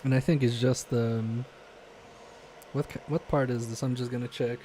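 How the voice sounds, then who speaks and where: A man's voice: medium pitch, fairly even intonation, moderate pace, mellow, a little hiss or hum. A man casually live-streaming a repair from his home workbench, reading viewer chat aloud and muttering to himself with self-mocking humor.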